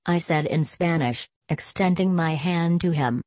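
A woman narrating a first-person story in a steady, even audiobook reading. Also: sits low, unhurried, no room sound.

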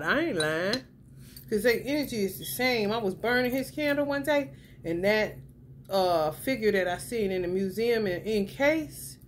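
Animated, profane woman, fairly high voice. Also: a little hiss or hum. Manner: animated, profane, swings into excited high-pitched retellings with laughter. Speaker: tarot reader. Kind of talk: casual spiritual chat to viewers.

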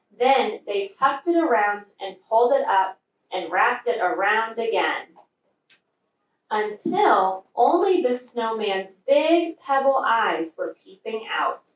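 A woman, a teacher, reading a picture book aloud to children in a slow, expressive way. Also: fairly high pitch, dull audio, a little hiss or hum. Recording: echoey room from far off.

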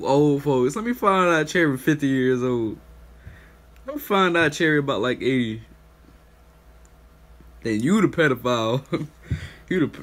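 A young man doing profane, mocking trash-talk commentary on a stream, laughing and calling people out in a put-on higher voice. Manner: mocking, laughing, loud call-outs; put-on higher voice instead of his deep one. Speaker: YouTube commentator.

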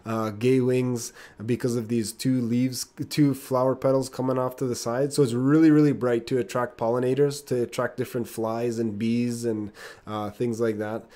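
Mellow-voiced man teaching with many fillers. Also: medium pitch, little pitch movement. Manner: halting, many fillers and restarts, laughs often. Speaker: plant medicine teacher. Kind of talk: casual online lesson. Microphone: computer mic.

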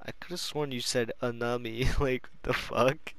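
A young man chatting casually with a friend, giggling constantly, swearing freely and breaking into loud laughing shouts. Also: medium pitch, fairly even intonation, measured pace. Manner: crude, swears a lot.

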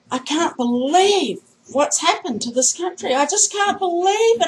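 A woman's voice: high voice, low-quality recording. A woman vlogging a heated political rant, indignant and emphatic, hammering her points by repeating them. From Australia.

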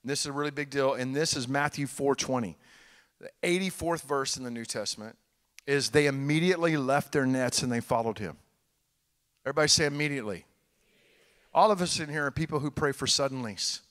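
A middle-aged man with a Texan accent preaching a sermon at a church conference, folksy and animated, joking with the congregation. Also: mid-range voice, a little fast. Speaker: guest preacher. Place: large church hall. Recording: church hall with long reverb.

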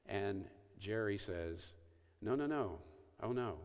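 A man's voice: fairly low pitch, lively intonation, takes it slowly, smooth. Earnest male speaker in a reverberant hall. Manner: earnest storytelling, acting out quoted lines. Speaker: speaker at a university event. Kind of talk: evangelistic talk.

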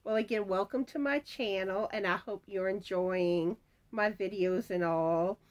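A woman's voice: mid-range voice, a little slow. A middle-aged woman, chatting at home as she reads viewer comments and announces giveaway winners, often laughing. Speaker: crochet channel host announcing giveaway winners. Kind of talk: casual chat, reading viewer comments aloud. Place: at home, screen door rattling in the wind.

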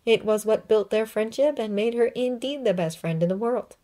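A woman reading a fanfiction story aloud with expressive, emotive delivery. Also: fairly high pitch, moderate pace, hardly any pauses. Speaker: reader.

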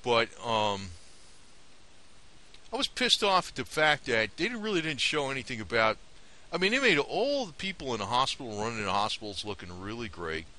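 A man's voice: mid-range voice, sing-song, normal speed, pushed and bright. A man ranting casually to camera about a TV show, rambling, indignant and conspiratorial. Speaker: vlogger. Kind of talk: casual opinion rant to camera.

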